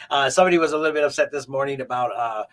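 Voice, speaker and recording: A man's voice: medium pitch, quick pace, fairly bright tone. A man co-hosting a local morning show in casual chat, rambling and restarting with lots of fillers. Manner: rambling, repeats words, many fillers.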